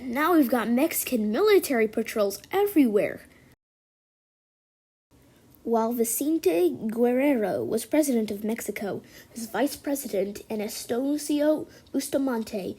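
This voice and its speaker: A woman narrates a homemade stop-motion history movie in a fairly high, husky voice. She tells the story in a lively way and jumps between narration and character lines. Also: a little slow.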